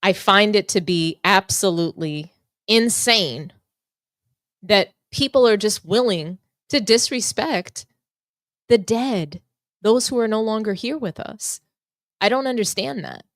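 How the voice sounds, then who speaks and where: A woman in her thirties hosting a sports talk show, giving frank and measured opinions. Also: mid-range voice, no echo, clean studio sound. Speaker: podcast host. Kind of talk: casual commentary.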